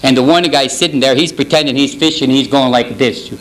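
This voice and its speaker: A man's voice: mid-range voice, a little fast, close to an everyday voice, poor audio. A man playing a sly middle-aged Italian parish priest with a put-on Italian accent and broken English, telling jokes at a banquet. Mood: deadpan. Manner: deadpan, rambling joke delivery, broken English. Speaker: banquet humorist. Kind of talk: stand-up roast at a banquet. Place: banquet hall.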